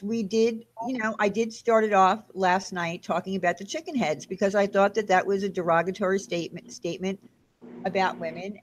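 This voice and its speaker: A woman's voice: fairly low pitch, slight background noise. Rambling woman hosting a live-stream. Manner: explains herself, rambling, hesitant fillers. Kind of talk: casual chat.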